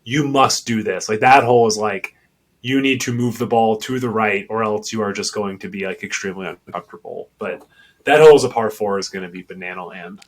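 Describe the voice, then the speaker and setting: A man's voice: on the low side, a little fast. A man in a casual podcast chat, animatedly recounting golf mishaps with lots of fillers.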